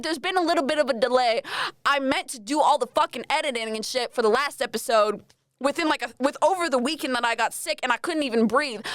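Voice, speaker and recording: Her voice sits high with a fairly bright tone as this young Australian woman rambles through a solo podcast chat. Self-mocking and free with swear words, she is recorded cleanly in the studio with no room sound.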